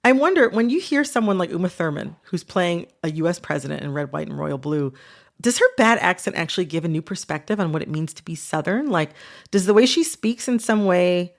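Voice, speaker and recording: Relaxed woman podcast host. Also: fairly low pitch, brisk, vocal fry. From southeastern Michigan. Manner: relaxed, laughs easily, conversational. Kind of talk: interview hosting.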